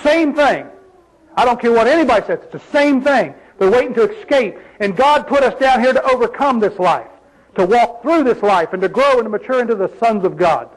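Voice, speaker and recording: A man's voice: very high-pitched, lively intonation, brisk, rough recording. A man preaching a sermon in an emphatic, folksy way, full of rhetorical questions.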